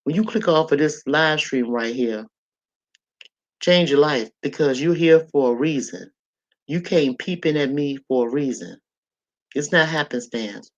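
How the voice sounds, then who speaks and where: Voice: medium pitch, a little slow, highs cut off. A livestream host in casual talk with chat viewers who gives preachy life advice and repeats phrases for emphasis. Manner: bright, lively greetings to chat viewers.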